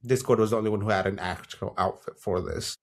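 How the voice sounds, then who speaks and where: A man's voice: on the low side, quick pace, vocal fry. A man co-hosting a podcast, chatting casually and frankly about a TV show. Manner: relaxed, agreeable, frank and salty. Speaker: podcast co-host. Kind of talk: casual chat reviewing a TV show.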